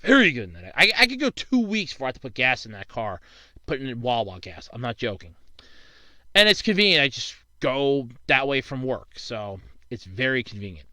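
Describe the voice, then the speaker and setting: A man's voice: fairly high pitch, bright, forceful tone, dry recording. Casual young man rambling through Q&A. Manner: rambling, swears and rants when annoyed. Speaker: YouTuber answering viewer questions. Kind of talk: casual Q&A monologue.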